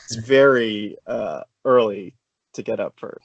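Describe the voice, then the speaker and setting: Deadpan teasing young man. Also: lowish voice, unhurried, dry recording, lo-fi sound. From Maryland. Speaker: podcast co-host. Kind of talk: casual chat.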